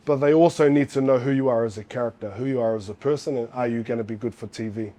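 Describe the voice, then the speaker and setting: A middle-aged man from New Zealand, a former fighter, telling a story in casual chat, animated and swearing often. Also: medium pitch, fast talker.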